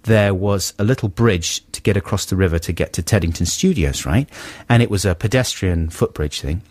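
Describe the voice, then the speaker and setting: A man co-hosting a radio show, telling an exasperated anecdote in a casual, animated way with many asides. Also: deep voice, brisk, no room sound. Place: radio studio. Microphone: studio microphone.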